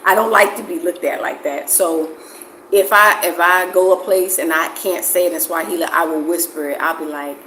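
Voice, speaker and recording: A woman's voice: lowish voice, fairly even intonation, normal speed, bright, forceful tone, echoey room, a little hiss or hum, rough recording. A woman vlogging in casual talk to camera, candid and personal, thinking aloud as she speaks.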